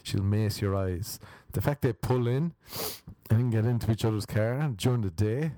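A man's voice: lowish voice, moderate pace, dark tone, no room sound. A young man doing a crude, mocking, rambling stand-up comedy routine.

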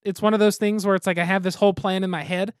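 A man's voice: high voice, little pitch movement, fast, dry recording, clean studio sound. Easygoing self-deprecating man, podcast co-host. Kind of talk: casual podcast chat.

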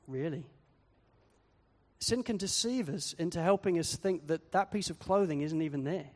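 A pastor delivers a sermon in a fairly high voice. He is animated and acts out quoted voices along the way. The sound carries the long echo of a hall. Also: normal speed.

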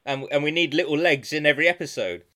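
Male podcast host, slightly high-pitched, enthusiastic interviewer. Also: fast, bright, forceful tone.

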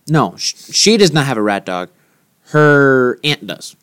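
A man's voice: medium pitch, big pitch swings, a little slow, a bit bright, clear, resonant tone. A man co-hosting a podcast, joking and teasing in casual banter. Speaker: podcast co-host. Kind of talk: casual chat.

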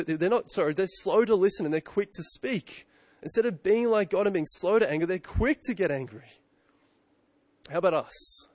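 Pastor, a man in his 30s, preaching casually with repeated questions, slightly high voice, close and dry. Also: darkish tone, dry recording. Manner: conversational, self-correcting, rhetorical questions. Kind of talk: sermon.

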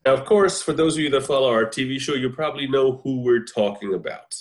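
A man in his forties hosting a casual chat over a video call, an animated storyteller who laughs often. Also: mid-range voice, fast. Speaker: podcast host. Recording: roomy echo.

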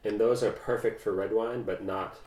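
A man's voice: on the low side, normal speed. Young man explaining his winemaking. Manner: relaxed, technical, with fillers. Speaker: winemaker guest. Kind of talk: casual chat. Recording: echoey room.

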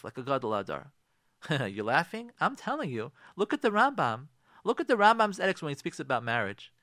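Emphatic, lively-voiced man giving advice. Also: on the high side, no room sound, clean studio sound. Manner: emphatic, preachy, with repeated rhetorical questions; frequent restarts and repeated words. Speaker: rabbi and radio host giving marriage advice. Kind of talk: radio talk on marriage.

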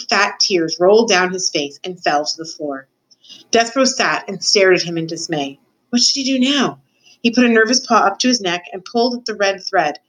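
A woman's voice: mid-range voice, a bit bright, rough recording. A woman, a student, reads a children's novel aloud carefully, now and then stumbling over a word. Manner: careful reading with occasional stumbles. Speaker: student reader.

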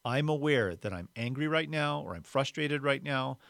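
A man's voice: mid-range voice, lively intonation, normal speed, gravelly, fairly bright tone, dry recording. A man hosting a podcast, giving a devotional teaching in a reflective way and repeating key words for emphasis. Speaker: podcast host.

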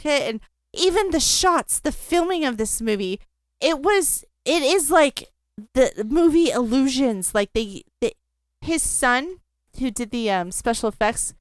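A woman's voice: sits high, expressive, a little slow, no room sound. A woman co-hosting a podcast, chatting casually about a film with fillers and swearing. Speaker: podcast co-host.

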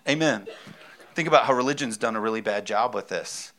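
A man's voice: on the low side, brisk, a bit bright, soft background music. A man preaching a sermon as pastor, talking in a conversational, emphatic way and repeating his key phrases.

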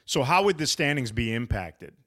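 A man's voice: medium pitch, very animated, normal speed, fairly bright tone. A man hosting a casual sports podcast, talking in a wry, teasing, rambling way. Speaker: podcast host.

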